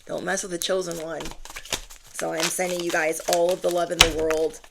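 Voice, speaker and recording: Woman, spiritual reader, low voice, gravelly, earnest, reassuring, rambling. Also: level tone, moderate pace, noisy background. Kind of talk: channeled energy reading to viewers.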